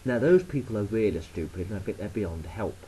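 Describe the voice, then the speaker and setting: A man's voice: on the low side, expressive, fairly quick, dark tone, breathy edge, poor audio. Sweary, blunt Englishman rambling. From England. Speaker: vlogger. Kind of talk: rambling casual monologue.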